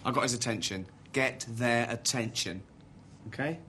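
A man plays a self-important manager in a screen comedy who talks in halting, rambling bursts and keeps steering things back to himself. His voice sits at a plain middle pitch. A faint room ambience runs underneath. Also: sharp tone, a little hiss or hum, close to an everyday voice. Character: pompous self-important male office boss. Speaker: office manager.

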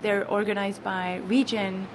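A woman food writer explaining products during a shop tour in a relaxed, dryly witty way. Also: medium pitch, unhurried, crowd noise. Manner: relaxed, explanatory, with a dry wit. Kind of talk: guided tour conversation. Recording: noisy on-location recording.

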